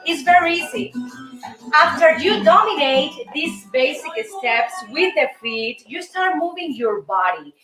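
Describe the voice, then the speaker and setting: Cuban-accented woman teaching salsa, high voice. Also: unhurried, few pauses. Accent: Cuban Spanish. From Cuba. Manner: counts beats aloud, lively and encouraging. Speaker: host and dance teacher. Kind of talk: salsa dance lesson. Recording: roomy sound from a distance, music behind.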